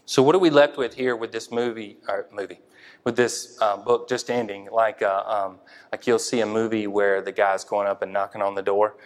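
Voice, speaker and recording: Informal preacher in an echoing hall. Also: male voice, fairly low pitch, fairly even intonation, normal speed. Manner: conversational, thinks aloud with many fillers and restarts. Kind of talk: informal sermon. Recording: long hall reverb.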